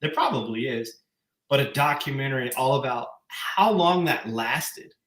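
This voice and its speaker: A man co-hosting a podcast in casual chat, enthusiastic and quick to laugh, often halting and restarting his sentences. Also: medium pitch, lively intonation, fairly bright tone, echoey room. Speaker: podcast co-host.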